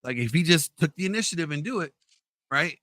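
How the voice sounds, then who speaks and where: A man telling a story in casual chat, loudly acting out the voices in it. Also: a little high, brisk, a crowd in the background. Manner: animated storyteller, acts out quotes loudly. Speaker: podcast co-host telling a story.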